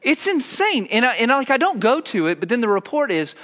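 A man's voice: extremely high pitch, fairly quick. A male pastor, likely in his thirties, reading scripture and then telling funny self-mocking stories in a sermon. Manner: animated storytelling, self-mocking humor.

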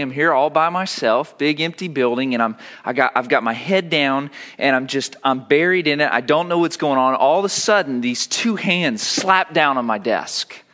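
A male pastor, likely in his thirties, reading scripture and then telling funny self-mocking stories in a sermon. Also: mid-range voice. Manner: animated storytelling, self-mocking humor.

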